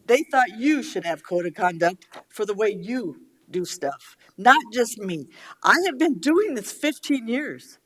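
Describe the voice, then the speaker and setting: A woman's voice: a little high, very animated, a little slow, fairly bright tone. A middle-aged woman speaks at a county board meeting in a blunt, angry rush. She swears freely and argues back hard, emotional and straight to the point. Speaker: county commissioner. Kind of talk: heated speech at a public meeting.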